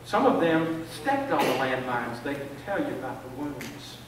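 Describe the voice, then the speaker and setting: A man's voice: medium pitch, very animated, normal speed, noisy background. An older man preaching a sermon in a church, telling stories and often repeating words as he builds a point. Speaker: pastor. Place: church sanctuary. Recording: echoey church from far off.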